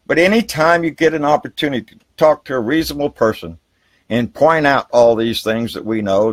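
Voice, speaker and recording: Profane man ranting, dry sound. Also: no echo. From Texas. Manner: jumps up high and bright to greet viewers. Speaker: political talk show host. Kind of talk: live political rant and viewer shout-outs. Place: outdoors by a river.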